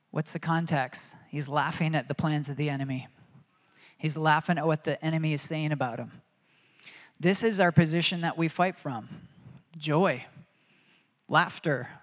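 A man's voice: a little high, long reverb tail. A man preaching a sermon in an earnest, conversational way, with prayers spoken aloud.

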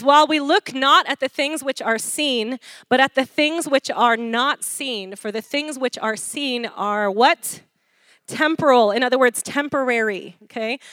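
A woman preacher delivering a lively sermon, laughing often and calling for responses from the congregation. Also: a little high, no room sound.

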